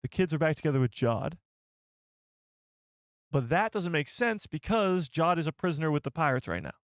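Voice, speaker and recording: A man hosting a casual live stream, excitable and rambling as he reads the chat. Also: on the high side, moderate pace, no echo, clean studio sound.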